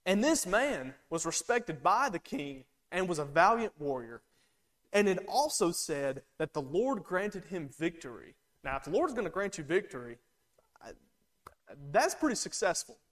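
High-voiced man preaching a sermon. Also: big pitch swings, moderate pace, a bit bright. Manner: conversational, acts out quoted lines.

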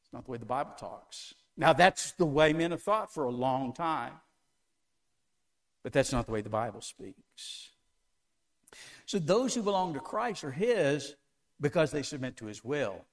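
A man's voice: on the high side, very animated, a little slow. A man preaching a sermon to a congregation, asking them one question after another with an emphatic delivery. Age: older.

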